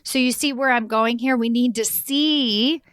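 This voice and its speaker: On her solo career-coaching podcast, this woman talks in a chatty, emphatic way, laughing a lot, often asking "right?" and performing quoted voices with sudden pitch shifts. She's unhurried, with a fairly bright, clear and resonant voice, in a dry studio-quality recording.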